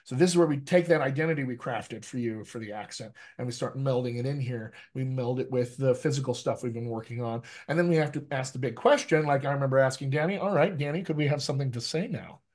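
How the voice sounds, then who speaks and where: A man working as a dialect coach, teaching a workshop over a video call with an animated, emphatic manner. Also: mid-range voice, fast, hardly any pauses. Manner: animated, emphatic, repeats phrases for effect.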